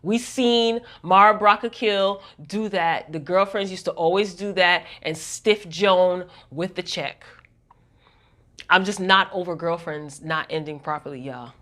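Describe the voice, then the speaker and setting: A woman's voice: on the low side, unhurried, a bit bright. A woman vlogger recapping a TV episode in a casual, gossipy way, talking straight to her viewers.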